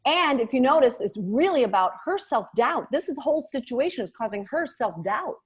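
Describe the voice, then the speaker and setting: A woman giving coaching feedback over a video call, acting out example lines with lively swings. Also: sits high, moderate pace, breathy edge.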